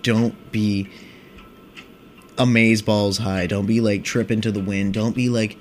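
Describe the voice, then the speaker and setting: A man's voice: fairly low pitch, flat delivery, measured pace, pauses often, slight background noise. A young man hosting a casual podcast, rambling and swearing in a laid-back stoner monologue. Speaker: podcast host.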